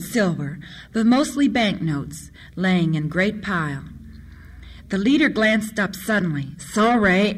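A woman reading an adventure story aloud in a steady, measured manner. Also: medium pitch. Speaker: narrator.

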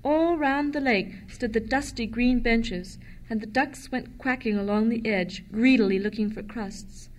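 Lady reading a kids' story out loud, gentle and expressive, kinda high voice. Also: measured pace, hardly any pauses, a little hiss or hum.

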